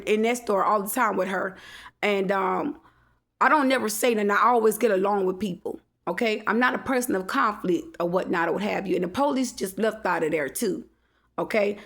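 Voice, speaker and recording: A woman's voice: mid-range voice, moderate pace, creaky. A woman, venting to camera in a defiant, repetitive monologue full of swearing. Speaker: vlogger.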